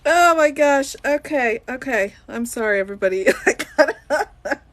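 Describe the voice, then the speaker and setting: A woman attorney hosts a casual live stream, reading viewer questions from the chat and answering them through lots of giggling laughter. Her voice is high and animated, at a moderate pace, with no room sound.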